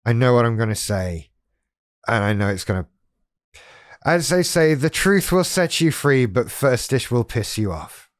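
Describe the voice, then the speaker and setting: A man speaks slowly and deliberately, addressing the viewer directly as host of his own channel. His tone is wry and self-deprecating. The sound is close and dry, with no room echo. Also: medium pitch, very animated. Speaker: YouTube channel host on living with BPD. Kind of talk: casual direct-to-camera talk.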